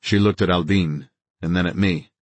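A man's voice: sits low, fairly even intonation, moderate pace, no room sound. A man narrating a thriller audiobook in the first person, with a tense, grave delivery.

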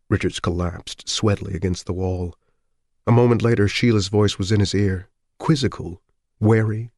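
A man narrating an audiobook in a steady, measured, scripted read. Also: sits low, no room sound, clean studio sound.

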